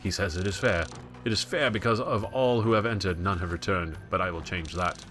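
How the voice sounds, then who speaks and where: Brief: man playing a doomed, proud knight heir in mock British accent; low, pushing, theatrical. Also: fairly quick, fairly bright tone. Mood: solemn resolve. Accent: British-ish, put on. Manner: grave, theatrical reading. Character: grim young male knight heir, solemn and proud.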